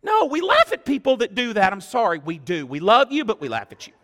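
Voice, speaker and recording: A man preaching a sermon as pastor, animated and exclamatory, acting out what people say. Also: high voice, fairly quick. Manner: animated, exclamatory, acts out quotes. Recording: long church-hall reverb.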